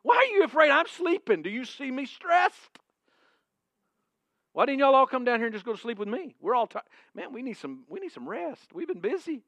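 A man voicing Jesus as a casual, exasperated figure who is loud, high and incredulous as he scolds his friends. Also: sing-song, normal speed, no room sound, heavily acted.

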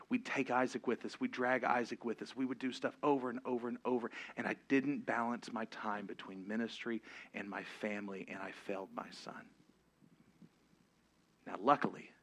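A middle-aged pastor preaching a sermon, swinging from loud, driving exhortation down to hushed, confessional moments. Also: male voice, medium pitch.

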